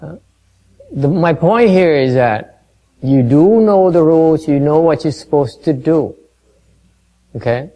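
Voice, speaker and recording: A man giving a dharma talk to a meditation class, halting and full of fillers, quizzing and gently teasing his listeners. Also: on the high side, animated, low-quality recording. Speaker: meditation teacher.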